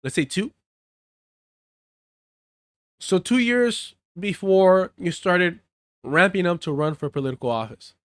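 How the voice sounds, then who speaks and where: A man's voice: sits high, expressive, unhurried, pauses often, fairly bright tone, dry recording, clean studio sound. A man doing live political commentary, reading news aloud and breaking into heated, profane rants, now and then dropping Spanish phrases. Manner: profane, heated rants between read-out articles.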